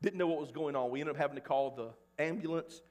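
A pastor in his forties from Mississippi preaching a sermon, dropping to a hush and then shouting at the peaks. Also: on the high side, fast talker. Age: 40s. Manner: swings between hushed and loud, shouting at peaks. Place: church sanctuary. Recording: long church reverb.

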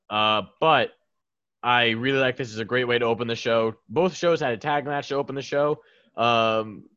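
A man's voice: mid-range voice, sharp tone, dry recording. Guy co-host rambling about wrestling, lotta ums, muffled lo-fi dry mic. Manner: rambling and chuckling, with lots of ums. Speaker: podcast co-host. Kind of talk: casual wrestling recap chat. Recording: dull lo-fi mic.

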